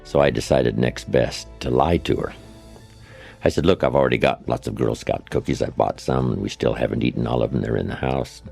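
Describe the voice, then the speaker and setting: A man's voice: rumbling low, brisk, gravelly, darkish tone, breathy edge, soft background music. A man giving a motivational speech, telling folksy anecdotes with asides to the audience. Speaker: motivational speaker.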